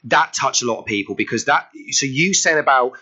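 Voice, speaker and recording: A man's voice: medium pitch, expressive, fairly quick, sharp tone, husky, dull audio. A man hosting a radio show, chatting in an effusive, rambling way with lots of fillers. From United Kingdom. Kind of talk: casual radio chat.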